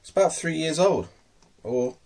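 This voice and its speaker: A man's voice: a little high, expressive, normal speed, gravelly, a little mellow. A man casually showing his pet tarantulas at home, hesitant and full of ums, murmuring fondly to his pets. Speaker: tarantula keeper. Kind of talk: casual hobby video.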